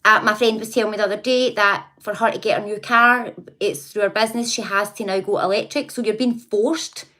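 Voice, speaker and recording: A woman's voice: mid-range voice, steady tone, a little fast, sharp tone. Chatty woman livestreaming. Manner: chatty, laughs often, talks back to viewers. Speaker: livestream host. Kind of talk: casual livestream chat.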